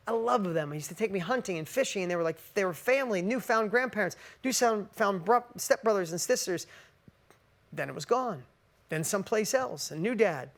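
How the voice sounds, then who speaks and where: A middle-aged man telling a personal story as a motivational speaker, earnest and emotional, acting out the dialogue he recounts. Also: a little high.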